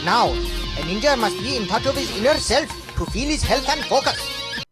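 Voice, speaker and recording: A wise cow ninja master with an Indian accent. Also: male voice, very high voice, animated, moderate pace. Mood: solemn. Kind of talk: cartoon voice acting. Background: loud guitar music.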